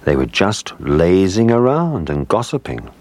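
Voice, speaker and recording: A man narrating a children's story with expressive storytelling. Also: low-pitched, measured pace.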